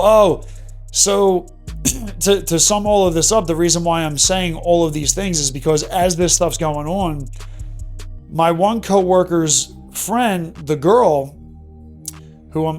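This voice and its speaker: A man's voice: on the high side, a little mellow. A man in his thirties candidly telling an emotional personal story in a vlog monologue. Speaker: vlogger.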